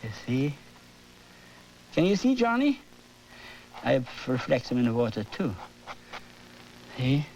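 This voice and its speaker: An older man with a German accent, teaching oil painting on his TV show, animated and often asking "you see?". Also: medium pitch, takes it slowly, long pauses, muffled recording. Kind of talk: painting demonstration. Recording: worn 1980s videotape audio with hum.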